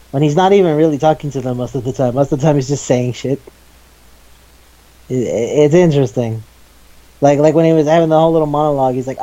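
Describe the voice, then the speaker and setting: A man co-hosting a casual chat about manga, animated, acting out scenes in quoted lines and swearing freely. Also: fairly high pitch, dull audio. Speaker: podcast co-host.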